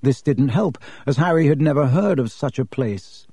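Mellow-voiced male audiobook narrator. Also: medium pitch, lively intonation, normal speed, breathy edge, no room sound.

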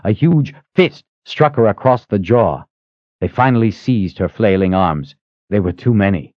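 A man's voice: lowish voice, lively intonation, a little slow, no echo. A man reading a fantasy audiobook as narrator, dramatic and shifting his pace. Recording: slightly muffled dry recording.

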